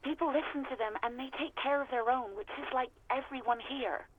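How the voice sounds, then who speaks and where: A woman's voice: high voice, a little fast, phone-quality sound, background noise, close to an everyday voice. A woman voicing a fed-up young hotel clerk. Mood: exasperated. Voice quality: blunt and exasperated. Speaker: former hotel clerk on a phone call.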